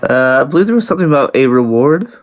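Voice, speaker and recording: Lively-voiced man playing a tabletop game. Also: medium pitch, quick pace. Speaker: player.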